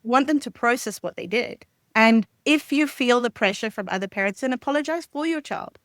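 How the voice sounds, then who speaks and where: A woman's voice: a little high, animated, a little fast, a bit bright, no echo, clean studio sound. A woman speaking as a family counsellor guest on a podcast, explaining ideas in an earnest, conversational way. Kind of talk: conversational interview.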